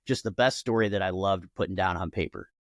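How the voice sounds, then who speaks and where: A male podcast host with a somewhat low voice keeps the talk easy and encouraging, backing up his guest and laughing often. The sound is close and dry. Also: fast, no echo. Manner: friendly, affirming, laughs easily. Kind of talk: casual interview.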